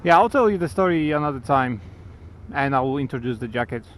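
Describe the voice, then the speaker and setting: A man's voice: mid-range voice, expressive, a little fast. A man riding a motorcycle through city traffic, talking to his helmet mic about his gear and swearing at other drivers. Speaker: motorcycle vlogger. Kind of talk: riding motovlog commentary. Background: traffic and engine.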